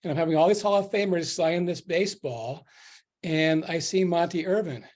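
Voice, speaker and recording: Pitched fairly high with a darkish tone, this audience member talks at a normal speed. He offers sincere thanks to the speakers and shares a recollection, a casual remark made in a video session, grateful and nostalgic throughout.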